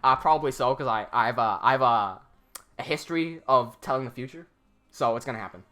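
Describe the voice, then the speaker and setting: His voice is mid-range, fairly quick, and sharp as he runs a casual animation livestream. Responding to viewer comments, he wanders off track, laughs frequently, and keeps restarting with lots of fillers.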